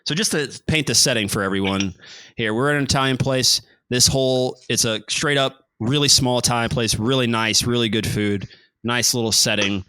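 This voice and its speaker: A man's voice: medium pitch, steady tone, normal speed, bright, forceful tone, clean tone, dry recording. A man hosting a podcast, telling a rambling story in casual chat and laughing often. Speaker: podcast host.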